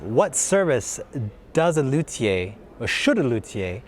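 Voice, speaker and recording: A man interviewing in a relaxed, playful way, a cello teacher asking questions. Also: medium pitch, unhurried, a little hiss or hum. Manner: playful, joking. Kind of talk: casual interview. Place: outdoors in a town.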